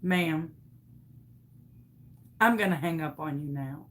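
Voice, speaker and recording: A woman voicing a curt phone clerk who answers in a lower, flatter voice than her own and speaks firmly and matter-of-factly. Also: slow pace.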